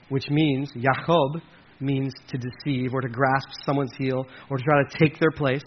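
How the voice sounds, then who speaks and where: A man's voice: mid-range voice, steady tone, moderate pace. A man preaching a sermon in a conversational way, with jokey asides to his listeners. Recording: slightly muffled with faint hiss.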